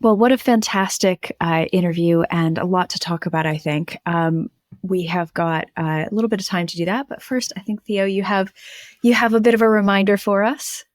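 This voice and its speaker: A woman's voice: mid-range voice, moderate pace, no room sound, studio quality. A woman co-hosting a podcast, encouraging and chatty with her guest. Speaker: podcast co-host. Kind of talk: casual podcast chat.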